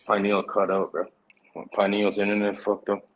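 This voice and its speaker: A man's voice: fairly low pitch, completely flat delivery, moderate pace, muffled recording, a little hiss or hum. A man hosting a casual online video call chat, loose and profane, laughing a lot. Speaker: show host.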